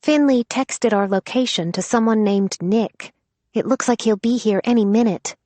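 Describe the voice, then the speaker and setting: A woman's voice: fairly high pitch, moderate pace, dark tone, dry recording, voice pushed up, natural voice. A woman voicing a nervous, practical young woman who speaks hesitantly.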